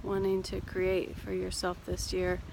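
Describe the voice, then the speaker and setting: Woman coach, casual walking vlog, unhurried and soothing, slight fry, phone mic outdoors. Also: on the low side, monotone, slight background noise. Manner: gentle, reassuring, unhurried. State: a little out of breath. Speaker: life coach and therapist. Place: outdoors on a cold hill walk.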